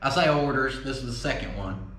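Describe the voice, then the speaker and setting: A man hosting a casual vlog, folksy and excitable, swearing casually as he opens fan mail in his workshop. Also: medium pitch, fairly quick. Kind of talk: casual chat. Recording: roomy echo.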